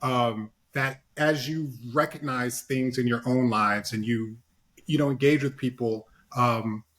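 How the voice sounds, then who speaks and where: This is a man of middle pitch, talking as a panelist in an easygoing online discussion. He gives earnest advice, circling back with fillers and tag questions. He is heard through a video call. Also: steady tone, measured pace, fairly bright tone.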